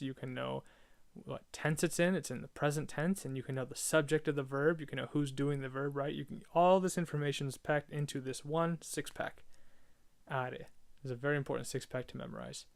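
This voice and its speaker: A man talking through a recorded grammar lesson in a relaxed, chatty way, repeating each word form twice. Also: a little high, creaky, smooth, no echo. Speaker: language teacher.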